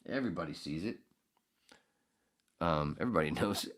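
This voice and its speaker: A man hosting his own podcast, telling a story in a casual, profane and sarcastic way, acting out loud outbursts. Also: low-pitched, lively intonation, fairly quick. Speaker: podcast host.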